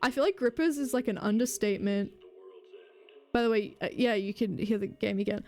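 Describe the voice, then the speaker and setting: A woman's voice: medium pitch, fairly quick, dark tone. A woman live streamer in casual, rambling chatter, swearing and mocking herself as she goes.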